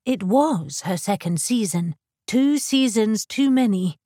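A woman reading a historical romance novel as a measured, even narrator. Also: mid-range voice, slightly rough, no echo, studio quality. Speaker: audiobook narrator. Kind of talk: scripted narration.

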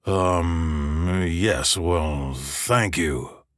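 A man's voice: low voice, dry recording, studio quality, pitched below the performer's own voice. A man playing a shy, stammering doctor. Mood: flustered. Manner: halting and stammering, with fillers. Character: shy, formal male doctor, easily flustered.

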